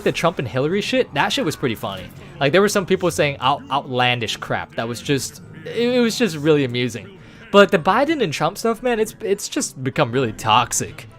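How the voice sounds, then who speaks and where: A man streaming a game, chatting casually with viewers in a rambling, animated way with casual swearing. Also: a little high, a little fast, faint music behind. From United States. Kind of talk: casual chat with viewers while gaming.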